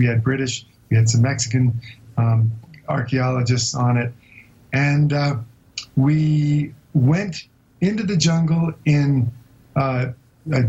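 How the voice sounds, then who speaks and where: A man being interviewed as a guest explorer, telling a long story in a vivid but halting way with many hesitations. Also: a little high, darkish tone, muffled recording. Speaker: guest explorer recounting an expedition.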